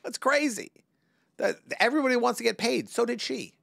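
A man's voice: very high-pitched, lively intonation, brisk, vocal fry, fairly bright tone, no room sound, studio quality. A man, an attorney co-hosting a podcast, talking in blunt, joking, emphatic banter.

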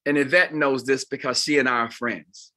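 A man in his fifties, a pastor, preaching a closing sermon to volunteers and sweeping from loud highs to quiet lows. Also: fairly even intonation, moderate pace. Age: 50s. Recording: live talk before a group.

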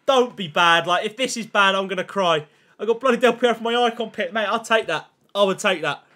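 A young gaming streamer with a high-sitting voice keeps a brisk pace while chatting casually to his viewers. Excitable and heavy on slang, he repeatedly thanks chat and loudly reacts to each pack opening.

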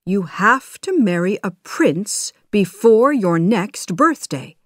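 A woman's voice: mid-range voice, animated, takes it slowly, dry recording, clean studio sound. A woman voicing a fretful older male ruler and father in a storybook reading, fussy and pleading. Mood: firm.

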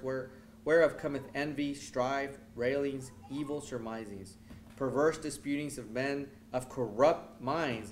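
A man preaching a sermon, reading scripture in old-fashioned wording and building into emphatic, forceful delivery. He stumbles and corrects himself between verses. His voice sits at an ordinary middle pitch over a faint background hiss. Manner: reads scripture in King James wording, rising louder and more emphatic as he preaches; halting, self-correcting asides. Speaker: pastor.

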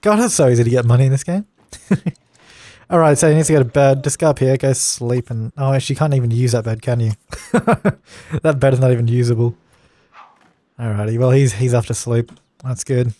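A man's voice: mid-range voice, fairly quick, warm tone, dry recording. A young man casually commenting on a life-sim game while he plays, chatty and easily exasperated, laughing at its mishaps. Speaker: let's play gamer.

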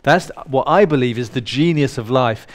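A man's voice: medium pitch, moderate pace. Playful, irreverent male workshop leader. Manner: playful, irreverent, swears casually. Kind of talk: live workshop talk to an audience. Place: indoor workshop room with a live audience.

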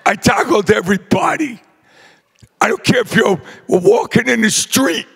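An older man, giving a rowdy acceptance speech full of brash shouted jokes. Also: extremely high pitch, very animated, moderate pace, vocal fry, breathy edge, big-room sound. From New Jersey. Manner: boisterous, shouting, brash joking. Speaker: hall of fame inductee.

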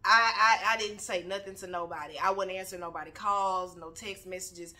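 A woman's voice: medium pitch, fairly even intonation, moderate pace, bright, forceful tone. A woman on her couch at home giving a candid motivational talk, blunt and preachy, swearing freely. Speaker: motivational speaker.

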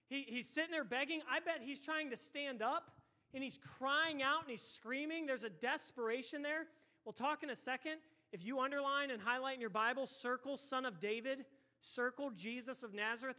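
Man preaching a sermon, very high voice, bright tone, loud and emphatic, microphone in a church. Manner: loud, emphatic preaching with repeated words and sudden shouts. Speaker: pastor. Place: church sanctuary. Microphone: handheld or stage microphone.

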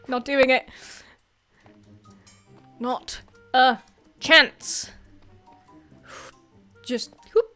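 A woman with a high, light voice talks through her gameplay in an unhurried, easygoing way. She is chatty and self-deprecating, laughing at her own mistakes and yelping when something startles her. Faint music plays softly underneath. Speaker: gaming video creator. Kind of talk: casual gameplay commentary.

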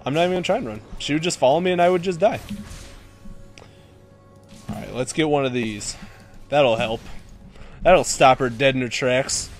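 A young man commentating his own gameplay, excitable, swearing and shouting at teammates. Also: mid-range voice, moderate pace, long pauses, soft background music.

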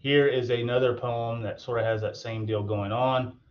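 Halting man giving a recorded lecture. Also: mid-range voice, fairly even intonation, lo-fi sound. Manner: loose, halting, with many fillers. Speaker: tutor.

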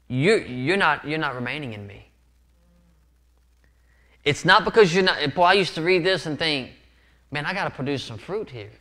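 A man's voice: a little high, lively intonation, moderate pace, pauses often, sharp tone. A man preaching a sermon as pastor, earnest and often repeating words for emphasis. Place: church sanctuary.

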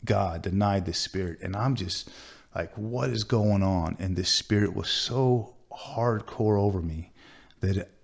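Low gravelly man telling a story. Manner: earnest, halting, with many "you know" fillers and restarts. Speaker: tattoo artist, interview guest. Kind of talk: personal storytelling in a sit-down interview.

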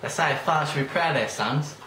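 A man's voice: on the high side, fast talker, pushed and bright. A young man casually joking on set while directing an amateur film, counting down takes. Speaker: amateur filmmaker. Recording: echoey room with crowd noise.

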